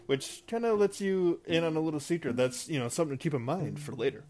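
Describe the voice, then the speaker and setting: A man's voice: on the high side, fast, darkish tone. Rambling man recapping a film. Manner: rambling, full of fillers and asides. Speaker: video host recapping a film. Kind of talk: casual spoken recap. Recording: guitar music playing behind.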